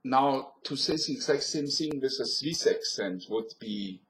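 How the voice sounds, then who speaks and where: A man's voice: medium pitch, animated, unhurried, a bit bright, slight background noise. A man in a casual monologue about accents, rambling and hesitant with many fillers and self-corrections, recorded on a webcam. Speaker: vlogger demonstrating accents. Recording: echoey room on a webcam.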